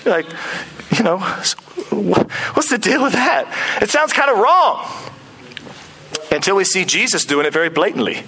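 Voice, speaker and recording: A man preaching a sermon in an animated, conversational way, often acting out quoted speech. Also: high-pitched, moderate pace, pauses often, slight background noise, poor audio. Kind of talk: expository sermon.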